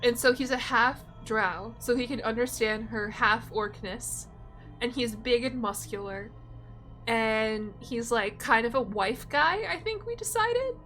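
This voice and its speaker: A woman's voice: a little high, a little slow, fairly bright tone, faint music behind. A young woman streamer chatting casually while she plays, giggly and self-deprecating. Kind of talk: casual gameplay commentary.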